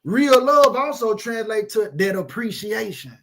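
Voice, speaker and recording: A man's voice: high voice, big pitch swings, a little slow, a bit bright. A man preaching an informal sermon, emphatic and repetitive, with streetwise phrasing and frequent asides of "man".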